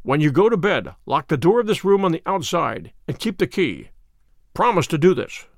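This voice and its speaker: A man's voice: a little high, sing-song, gravelly, no room sound, clean studio sound. A man doing a commanding, cryptic detective. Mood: measured. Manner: measured, authoritative. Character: sharp, commanding male detective, calm and cryptic.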